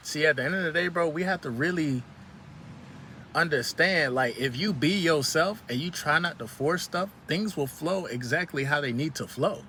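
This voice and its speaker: Bright-voiced man ranting outdoors. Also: mid-range voice, slight background noise. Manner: profane, preachy, repetitive. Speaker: vlogger. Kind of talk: casual motivational rant. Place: outdoors in the sun.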